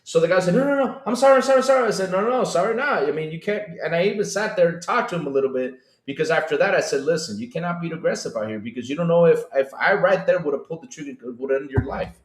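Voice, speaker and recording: A man co-hosting a podcast who chats loosely, often stopping to restart his sentences. His voice is mid-pitched, and the room gives it a noticeable echo. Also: quick pace, hardly any pauses. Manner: rambling, hesitant with many fillers. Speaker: podcast co-host. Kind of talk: casual chat. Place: Panama.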